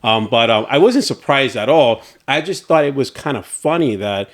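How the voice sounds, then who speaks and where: Animated man telling stories, laughing often. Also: mid-range voice, normal speed. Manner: animated storyteller, laughs often, acts out reactions. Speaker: podcast co-host. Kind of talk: casual chat.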